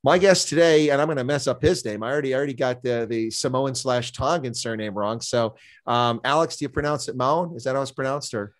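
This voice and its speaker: Fast-talking chatty male host. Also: mid-range voice. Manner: chatty, repeats words as he thinks aloud. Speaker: podcast host. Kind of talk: casual interview chat.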